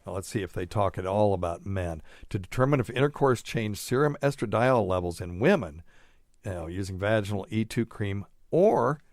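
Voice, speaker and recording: A man with a very deep, low voice hosts a casual podcast chat. He thinks aloud as he reads through medical studies and drops in chuckling asides. The sound is dry and close, with no room around it. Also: expressive, normal speed, a little mellow, dry recording. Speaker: doctor and podcast host.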